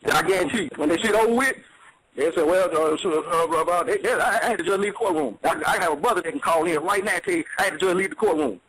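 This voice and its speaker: A man's voice: sits high, fast talker, fairly bright tone, a little hiss or hum, low-quality recording. A man explaining in casual, streetwise talk, emphatic and repetitive, often checking that the listener follows. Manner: streetwise, emphatic, repeats "you see what I'm saying".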